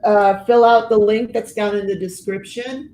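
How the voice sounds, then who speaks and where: A woman's voice: medium pitch, fairly even intonation, moderate pace, dark tone. Chatty older woman in an echoey room. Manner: chatty, laughs often, reads viewer comments aloud. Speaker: host of a diamond painting live show. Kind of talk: casual livestream chat. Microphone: headphones and computer mic, video call.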